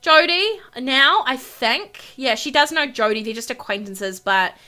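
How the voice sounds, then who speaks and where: Bright, gushing young woman gamer. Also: sits high, a little slow. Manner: gushing, excitable, chatty to viewers. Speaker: gaming YouTuber. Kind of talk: casual let's-play commentary.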